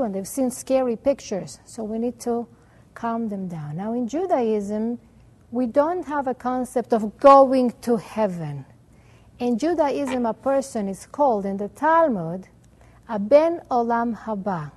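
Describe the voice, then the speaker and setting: A woman teaching religion through an animated story, with Hebrew terms woven in. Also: on the high side. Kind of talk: storytelling lesson.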